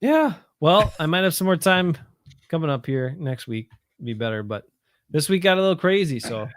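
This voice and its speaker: Lively, slightly high-pitched man wrapping up a podcast. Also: moderate pace, no echo, clean studio sound. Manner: easygoing, short agreeing replies. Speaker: podcast co-host. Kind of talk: casual chat.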